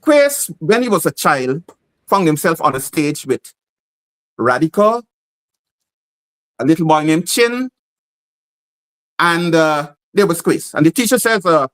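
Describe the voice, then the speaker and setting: High-voiced Guyanese man telling stories. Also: measured pace, rough recording. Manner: animated, acts out quoted voices. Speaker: playwright guest. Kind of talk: interview storytelling.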